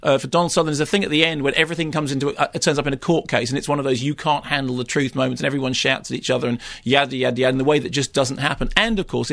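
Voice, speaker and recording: A man reviewing films on a radio show, ranting rapidly and sardonically about a movie's flaws. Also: mid-range voice, fairly bright tone, no room sound, clean studio sound. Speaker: film critic. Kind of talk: radio film review chat.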